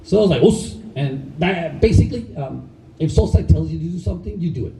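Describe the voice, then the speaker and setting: A middle-aged man who is a karate instructor, telling animated stories to a live audience, laughing often and acting out the people he quotes. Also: a little high, fast, creaky, background noise. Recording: echoey room, voice far from mic.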